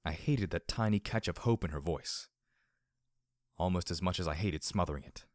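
A man narrates a first-person audiobook at a steady, measured pace. His voice is very deep. The recording is dry, with no room sound at all. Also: no echo.

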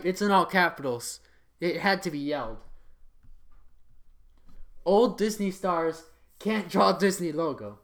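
An adult reads a list of titles aloud for comic effect, keeping a mock-serious voice that keeps cracking into laughter and occasionally shifting into an announcer voice. The voice is medium-pitched, expressive and a bit bright, with a measured pace and long pauses.

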